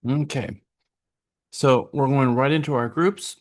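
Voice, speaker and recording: A man's voice: mid-range voice, fairly even intonation, measured pace, pauses often. Man leading a real estate workshop. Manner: directive, stop-and-start with fillers. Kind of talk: live workshop instruction.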